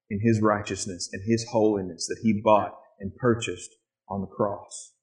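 A man preaching a sermon in a church, lively and animated, often acting out excited quotes in a higher voice. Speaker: pastor.

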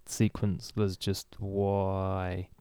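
Mellow man giving dry reactions. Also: low voice, monotone, extremely slow, clear, resonant tone, no echo. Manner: short reactions, dry disbelief. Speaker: podcast co-host. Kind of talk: casual chat.

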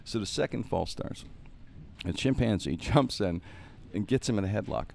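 A man with a notably deep, low-pitched voice chats casually as a podcast host. He tells funny stories with animation, putting on voices for the people in them and laughing along. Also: normal speed, gravelly, a little hiss or hum. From Pittsburgh, USA. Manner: animated, acts out voices in anecdotes, laughs often. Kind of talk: casual storytelling.

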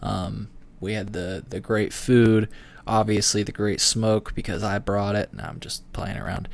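Casual low-voiced male podcast host. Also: dry recording. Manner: animated storytelling, swearing, acting out quotes. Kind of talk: casual chat.

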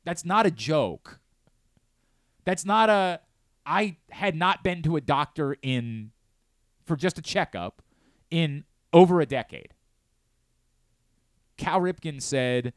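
A man's voice: on the high side, animated, slow pace, pauses often, no echo. A man in his late thirties hosting a sports talk radio show, talking earnestly and candidly, often restarting his sentences. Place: radio studio. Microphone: close studio mic.

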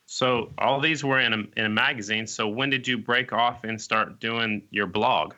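Bright-voiced male interviewer. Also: medium pitch, moderate pace. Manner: brief encouraging interjections, relaxed questions. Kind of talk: casual interview questions.

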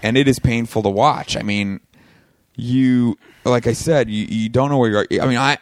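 A man's voice: medium pitch, moderate pace, no echo, studio quality. A young man and recent father, a podcast guest, chatting bluntly with plenty of swearing. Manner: blunt, profane, animated. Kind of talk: casual banter.

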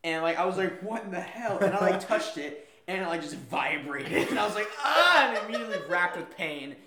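A young man with a fairly high voice tells a story in casual chat, acting out what people said and breaking into loud yelps. He co-hosts a podcast. The room around him is echoey. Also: brisk, over a noisy crowd. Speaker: podcast co-host.

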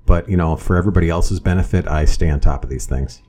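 A man's voice: sits low, fast talker, dark tone. A man co-hosting a casual political chat, talking in a sardonic, rambling way full of restarts.

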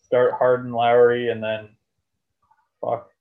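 Guy, mid-pitch, chatty sports co-host, rambles and swears, tinny phone-line sound. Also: completely flat delivery, slow pace. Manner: rambling, swears freely, lots of fillers. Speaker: podcast co-host. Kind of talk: casual sports chat.

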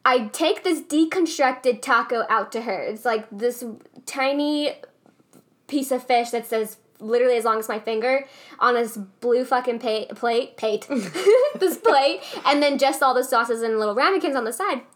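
A woman with a high voice tells a story in a casual chat. She is animated and swears freely, and she often slips into impressions of other people. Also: moderate pace.

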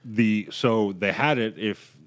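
Man from new york, slow unhurried delivery, lowish voice, easygoing storyteller in a casual chat. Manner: relaxed storytelling, laughs often.

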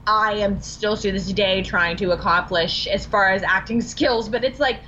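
A woman guest on a podcast interview, telling animated stories full of acted-out quotes and laughter. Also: medium pitch, dull audio, a little hiss or hum. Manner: bubbly, animated storytelling with quoted dialogue and laughs. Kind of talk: casual interview chat.

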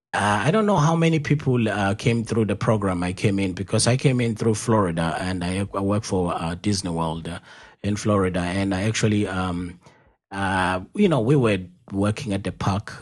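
A South African man with a Zulu first language, hosting a casual interview as a rambling storyteller who laughs easily and fills pauses with lots of "uh"s. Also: low voice. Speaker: podcast host.

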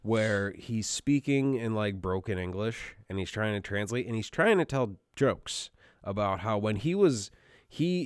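A man in casual podcast chat, telling stories in an animated, profane way and laughing often. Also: lowish voice, dry recording, clean studio sound.

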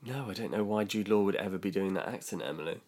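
Young British man, low voice, rambling storyteller with plenty of fillers. Casual podcast co-host. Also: fast, darkish tone. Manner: chatty storytelling, lots of ums and likes. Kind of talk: casual chat.

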